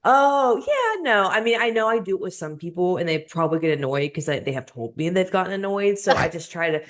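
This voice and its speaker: A young woman with a low-pitched voice co-hosts a casual podcast. She talks in loose, rambling runs full of fillers and restarts, and she laughs easily. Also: sing-song, a little fast. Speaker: podcast co-host. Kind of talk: casual chat.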